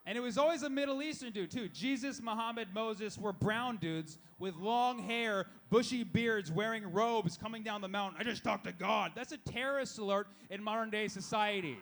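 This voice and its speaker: High-voiced stand-up comedian man. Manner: rapid-fire punchlines with acted-out voices. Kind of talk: stand-up set. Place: live comedy show.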